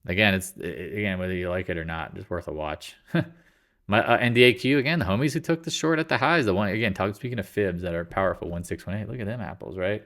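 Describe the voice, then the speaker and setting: Male host, lowish voice, casual market-commentary read with goofy slang asides. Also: fairly bright tone. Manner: loose, jokey, slangy, tosses in silly voices; talks in quick asides and restarts. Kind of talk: casual market recap over charts.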